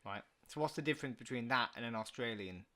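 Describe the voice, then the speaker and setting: A young Englishman co-hosting a casual podcast chat, arguing his side with rising force. His voice sits at a middle pitch, and he talks in quick bursts full of restarts. He sounds like a young man in a relaxed but heated debate. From England. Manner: argumentative, rising in pitch and volume when pressing a point. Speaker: podcast co-host.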